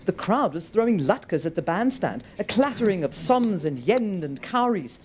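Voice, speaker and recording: A woman's voice: medium pitch, moderate pace, slight background noise. A woman author reading her own novel aloud at a bookshop event, telling the story expressively. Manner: expressive, animated storytelling with voiced characters.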